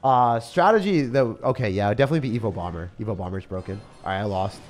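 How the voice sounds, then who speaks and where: Excitable young man streaming a game. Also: fast. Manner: excitable, swings between loud outbursts and low muttering. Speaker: gaming streamer. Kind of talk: live game commentary. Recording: faint music behind voice.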